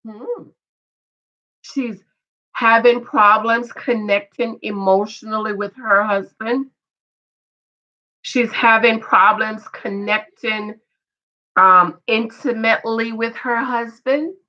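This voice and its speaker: Woman, reality TV recap vlogger, higher-pitched, gossipy and opinionated, chatty asides, dull lo-fi recording. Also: fairly even intonation, slow pace, pauses often, sharp tone. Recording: dull lo-fi sound.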